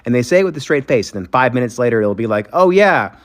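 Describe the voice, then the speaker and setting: Casting: male commentator, sarcastic and profane, mid-pitch, opinionated monologue. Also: expressive, very fast. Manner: sarcastic, profane, mocking impressions.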